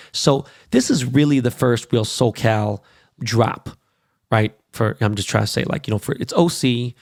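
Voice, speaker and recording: A man's voice: medium pitch, vocal fry, no echo, clean studio sound. A man hosting a podcast, ranting casually and profanely about basketball and plugging events. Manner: profane, animated sports rant. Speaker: podcast host.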